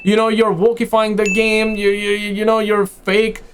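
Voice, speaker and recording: Dude ranting about game news, bro every other word, kinda high voice, mocking and exasperated. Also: male voice, normal speed, slight background noise. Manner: animated, slangy, says "bro" constantly. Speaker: gaming commentator. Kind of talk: reaction commentary.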